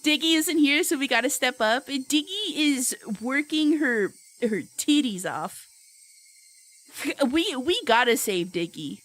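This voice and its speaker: A young woman streamer chatting casually with her viewers, giggly and playful, loudly reacting to chat. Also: high-pitched.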